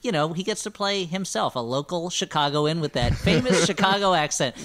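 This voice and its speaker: A man co-hosting a comedy podcast, playful and quick to slip into bits. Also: on the high side, expressive, fairly bright tone. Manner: playful, bit-prone. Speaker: podcast co-host. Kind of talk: casual comedic chat.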